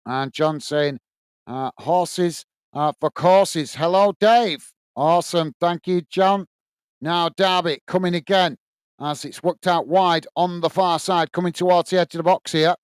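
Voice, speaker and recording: A man from England with a Lancashire accent hosts a live football watch-along, giving running play-by-play and reading viewer comments aloud in a friendly, matey way. His voice sits on the high side, a little slow and smooth, with no echo.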